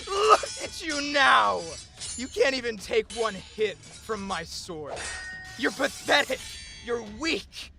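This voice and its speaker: A voice actor playing a cruel, gloating sword-wielding villain who taunts with shouts and maniacal laughter, in an audition clip. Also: mid-range voice, sing-song, slow, gravelly, pauses often, over music, heavily acted. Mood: cruel taunting.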